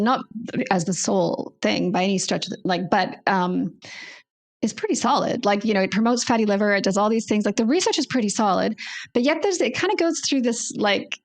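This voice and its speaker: Gravelly-voiced woman explaining. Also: mid-range voice, brisk. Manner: thinks aloud with restarts and hedges. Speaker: naturopathic doctor, guest. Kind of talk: conversational expert interview.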